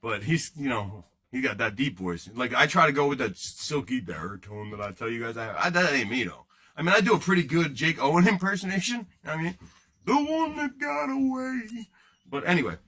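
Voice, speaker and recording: A man's voice: mid-range voice, sharp tone. A man hosting a card-breaking livestream, rambling and joking casually with his viewers in chat.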